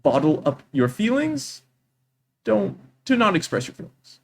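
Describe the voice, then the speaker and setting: A young man giving an English lesson, talking with deliberate pauses and a strongly rising and falling intonation. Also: sits high, very animated, vocal fry, a little hiss or hum. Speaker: English tutor. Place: lives in Vietnam.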